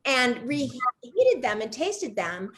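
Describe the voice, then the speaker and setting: Woman host, slightly high voice, chatty storyteller on a video call. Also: big pitch swings, takes it slowly, a bit bright. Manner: chatty storyteller, asks eager follow-up questions. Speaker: cooking show host. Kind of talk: casual video-call chat.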